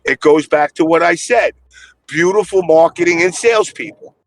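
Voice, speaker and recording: Blunt, gravelly man with a high voice. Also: normal speed, no room sound. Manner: blunt, profane storytelling. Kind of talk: casual podcast chat.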